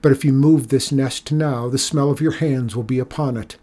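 A man with a husky voice reading the pleading lines of a serious young village teacher in a storybook. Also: mid-range voice, fairly even intonation, moderate pace, warm tone, natural voice. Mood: earnest. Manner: pleading, earnest.

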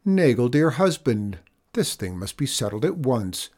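A man's voice: mid-range voice, sing-song, a little slow, a little mellow. A man voicing a practical farmer's wife who urges her husband to settle things, in a storybook reading. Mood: urgent. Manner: earnest, urging.

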